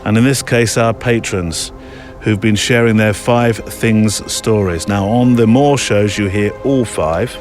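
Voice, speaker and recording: A man's voice: on the low side, unhurried, faint music behind. A middle-aged man hosting a photography podcast in a casual, rambling, self-deprecating way, with many fillers. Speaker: podcast host. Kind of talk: casual chat.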